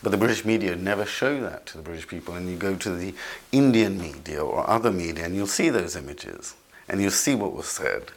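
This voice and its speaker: A man with a deep voice and lively intonation offers conversational commentary as an interview guest. His speech is halting, full of restarts and repeated words.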